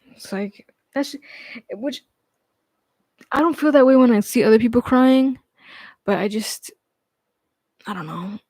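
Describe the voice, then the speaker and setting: A man chatting casually on a livestream, rambling and hesitant with lots of fillers, restarts and casual swearing, often trailing off quietly. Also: very high voice, expressive, moderate pace, pauses often, dry recording.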